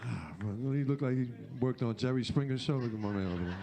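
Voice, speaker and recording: A man's voice: medium pitch, quick pace, very noisy. A man from Brooklyn hosting a comedy show, hyping and teasing the crowd. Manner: hypes and teases the crowd. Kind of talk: stand-up hosting and crowd work. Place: comedy club stage with live audience.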